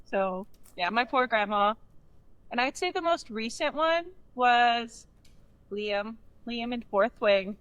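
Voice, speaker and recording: Woman co-host, higher voice, dry close sound, lively. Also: takes it slowly, clear, resonant tone, dry recording. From Canada. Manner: lively, laughing storyteller. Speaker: podcast co-host. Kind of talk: casual chat.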